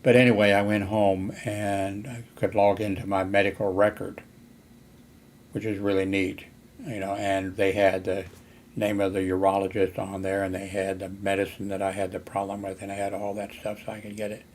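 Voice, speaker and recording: A man's voice: sits low, completely flat delivery, moderate pace, a little hiss or hum. An older man who is hard of hearing, telling a meandering personal story full of fillers and restarts. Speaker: vlogger.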